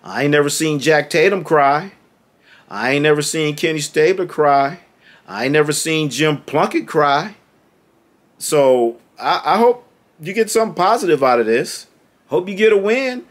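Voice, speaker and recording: A man's voice: a little high, lively intonation, normal speed. A man ranting to the camera as a sports fan, scolding and sarcastic, repeating his points over and over.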